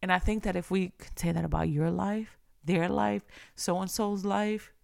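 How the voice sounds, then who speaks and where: Earnest woman with a gravelly edge. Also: on the low side, fairly even intonation, moderate pace, a little mellow, no echo, clean studio sound. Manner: earnest, repeats phrases for emphasis. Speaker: devotional speaker. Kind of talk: conversational devotional talk.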